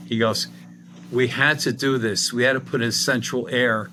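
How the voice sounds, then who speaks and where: A man's voice: mid-range voice, normal speed, bright, forceful tone, a little hiss or hum. A middle-aged man, a guest medium on a podcast, telling a long anecdote and acting out the dialogue. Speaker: guest medium and paranormal investigator. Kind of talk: storytelling in a podcast interview.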